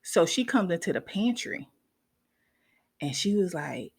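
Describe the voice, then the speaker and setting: A woman, a nurse, telling a story casually to her viewers in an animated way, often checking in with them. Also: lowish voice, measured pace, vocal fry, husky.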